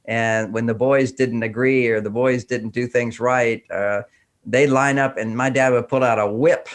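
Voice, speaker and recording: A man from Texas speaking as a guest in a conversational interview, with a voice of middling pitch. He talks animatedly and slips into acted-out dialogue to make his points. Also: steady tone, a little slow. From Houston, Texas. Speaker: podcast guest.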